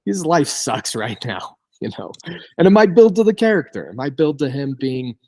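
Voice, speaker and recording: A man's voice: a little high, big pitch swings, normal speed, darkish tone. A man co-hosting a film podcast, wistfully complaining about a character's treatment. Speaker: podcast co-host. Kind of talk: casual film discussion.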